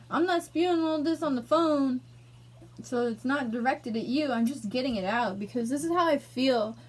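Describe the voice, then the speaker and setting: A young woman ranting angrily in a personal vlog, emotional and swearing. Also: sits high. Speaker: vlogger.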